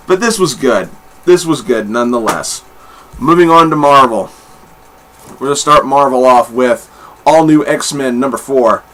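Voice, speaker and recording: A man's voice: fairly high pitch, bright, forceful tone. A man reviewing comic books in a casual, rambling monologue, blunt and swearing freely. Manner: rambling with many fillers and restarts.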